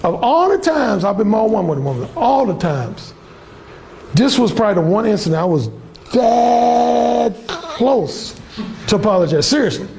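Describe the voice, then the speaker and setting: A man's voice: high voice, very animated, moderate pace, vocal fry, a little mellow, a little hiss or hum. A man coaching a class on dating through bold, profane, swaggering stories. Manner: bold, blunt, swaggering, lots of cursing. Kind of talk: profane storytelling lecture.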